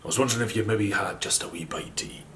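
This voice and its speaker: A man's voice: lowish voice, fast talker, fairly bright tone, a little hiss or hum, natural voice. A man voicing a wheedling wee trow. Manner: polite, wheedling, then pointed. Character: strange wee male trow, weary and wheedling.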